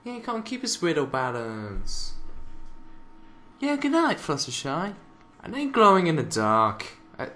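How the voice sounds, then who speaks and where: A man's voice: medium pitch, bright, forceful tone. A man giving sarcastic, mocking reaction commentary while watching a cartoon, swearing often. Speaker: reaction video maker.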